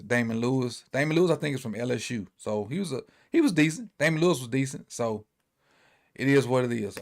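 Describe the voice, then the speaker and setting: A man's voice: medium pitch, gravelly. Easygoing man rambling through a sports recap. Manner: loose, rambling, repeats himself, thinks aloud. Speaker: sports commentator.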